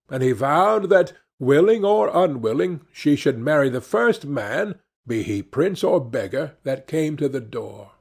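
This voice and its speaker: Slow, gravelly male storyteller. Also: medium pitch, a little mellow. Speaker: audiobook narrator. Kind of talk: scripted narration.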